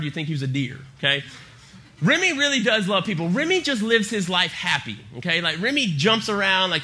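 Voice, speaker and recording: A man's voice: high-pitched, bright, forceful tone. A young man preaching to a youth group, telling humorous stories with plenty of energy. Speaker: youth pastor. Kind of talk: youth sermon. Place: church youth service.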